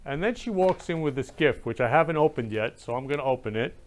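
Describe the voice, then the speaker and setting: A man's voice: mid-range voice, lively intonation, fast, a little hiss or hum. A man hosting a talk show, gushing with emotion and often exclaiming, in casual chat. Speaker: show host.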